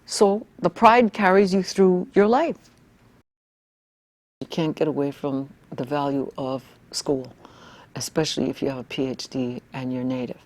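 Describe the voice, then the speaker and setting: A woman's voice: low voice, measured pace, darkish tone, dry recording. An older woman in an interview, talking bluntly and emphatically, building to fiery outbursts. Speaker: interviewee, activist and scholar. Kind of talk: reflective interview talk.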